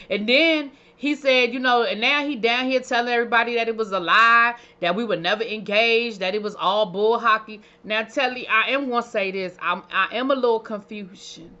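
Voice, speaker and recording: A woman's voice: fairly high pitch, moderate pace, hardly any pauses, sharp tone, highs cut off. A woman recapping a reality show in a casual, sassy, chatty way, with playful asides. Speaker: reality TV reviewer.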